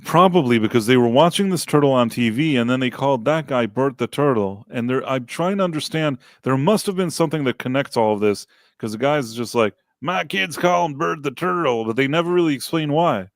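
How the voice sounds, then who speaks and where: A man hosting a casual podcast livestream, relaxed as he reads out and thanks viewers from the chat. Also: mid-range voice, fairly quick, hardly any pauses, no room sound, studio quality. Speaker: podcast host.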